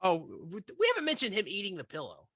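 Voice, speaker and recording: A man's voice: high voice, wildly swooping pitch, fast, bright, forceful tone, no room sound, clean studio sound. A man hosting a casual podcast chat about films, hedging his opinions with repeated "I think".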